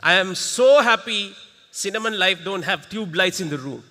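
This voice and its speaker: Lively Sri man in a hall. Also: sits high. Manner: lively, coaxes the audience, quick rhetorical questions. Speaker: workshop facilitator. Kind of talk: interactive workshop talk. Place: large conference hall. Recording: reverberant hall.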